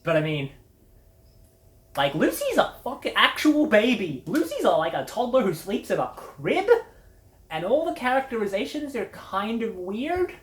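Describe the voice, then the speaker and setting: A woman's voice: on the high side, huge pitch swings, moderate pace. Sweary woman in a roomy echo. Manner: sweary, sardonic and blunt. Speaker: media review host. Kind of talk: casual spoken review.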